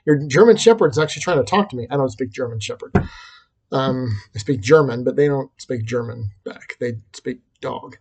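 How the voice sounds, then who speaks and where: A man's voice: medium pitch, brisk, a little mellow, breathy edge. A man talking through a reflective personal vlog, rambling and self-deprecating, with frequent restarts. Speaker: vlogger and teacher.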